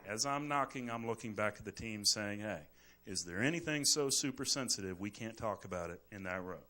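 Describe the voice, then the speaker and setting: A middle-aged man, a physician, giving a lively live lecture with a demonstration and acting out little scenes as jokes. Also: on the low side, a little fast. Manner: animated, jokey, acts out little scenes. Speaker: physician teaching at grand rounds. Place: hospital lecture hall. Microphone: moves on and off the microphone.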